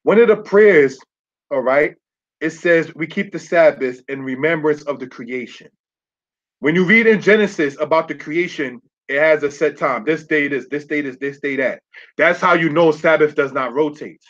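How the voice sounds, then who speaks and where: A man preaches a teaching sermon in a somewhat high voice, repeating his key points and asking his listeners whether they follow him. The recording sounds dull and lo-fi. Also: normal speed, fairly bright tone. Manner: repeats key phrases, checks in with the audience. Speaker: teacher of a congregation.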